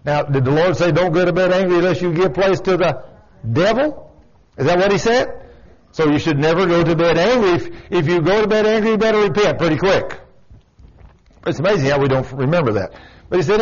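A man preaching in a church, his voice sitting a little high for a man. He is folksy and emphatic, and he tells stories to his congregation. The recording of the service is dull and lo-fi. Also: fast talker. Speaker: pastor. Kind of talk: sermon.

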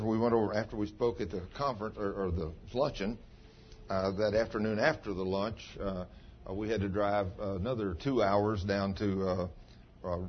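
A man's voice: mid-range voice, slightly rough. A man pastor telling stories in a folksy, homespun sermon, with plain country grammar. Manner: folksy, ungrammatical country speech. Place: church. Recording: dull lo-fi sound.

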